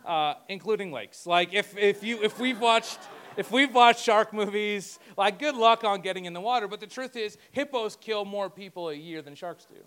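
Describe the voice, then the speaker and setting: High-voiced pastor preaching with jokes. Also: male voice, moderate pace, a bit bright, a little hiss or hum. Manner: conversational and joking, with asides to himself. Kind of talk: sermon.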